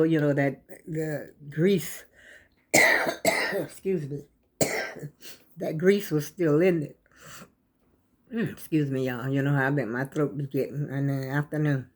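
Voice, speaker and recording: An older woman chatting casually and rambling to her viewers as a vlogger, her throat scratchy and catching on coughs. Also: low voice. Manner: rambling, folksy, talks straight to viewers.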